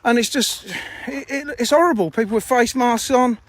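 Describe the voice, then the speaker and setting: Bloke, fairly high voice, chatty and blunt, dry close phone sound outdoors. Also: male voice, moderate pace, dry recording. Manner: chatty, blunt, swears casually. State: out of breath. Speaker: fishery owner streaming live. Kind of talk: casual live stream chat. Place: outdoors at a fishing lake.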